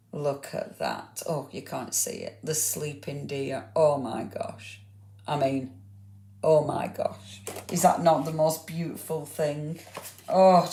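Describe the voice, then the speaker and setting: A woman's voice: deep voice, a little mellow. A woman hosting a live craft show, chatty and gushing as she shows each item and talks to viewers by name. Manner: talks to viewers by name, asks them questions. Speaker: craft livestream host. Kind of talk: live product demonstration. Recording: echoey room.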